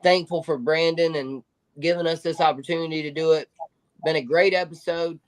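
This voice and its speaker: A man's voice: a little high, steady tone, fairly quick, low-quality recording. A man co-hosting a sports podcast, upbeat and full of hype. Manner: upbeat, hype, sign-off energy. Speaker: podcast co-host. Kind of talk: casual sports podcast chat.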